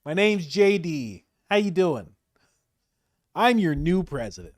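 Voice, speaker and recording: A man's voice: a little high, very animated, slow, no room sound, studio quality, voice pushed up. A man putting on the voice of a chummy male politician greeting a crowd, upbeat and overly friendly. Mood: cheery.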